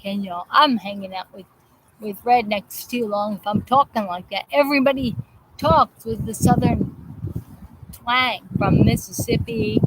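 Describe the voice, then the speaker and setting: Slow-talking woman host over loud noise. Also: fairly high pitch, lively intonation. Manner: rambling, halting, many restarts and fillers. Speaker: host of a live viewer chat show. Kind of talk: casual live-stream chat. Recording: loud background noise, vehicles passing.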